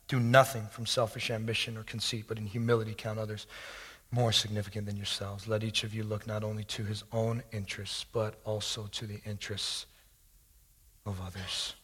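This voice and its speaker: A pastor preaching an earnest sermon, moving into prayer and a read-aloud poem. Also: male voice, lowish voice, little pitch movement, brisk, a bit bright, husky. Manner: earnest, prayerful, building intensity.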